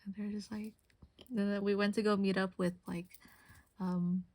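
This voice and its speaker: A woman's voice: medium pitch, level tone, normal speed, a little mellow, dry recording. A woman streamer chatting casually while crafting, giggly and laughing often as she tells stories.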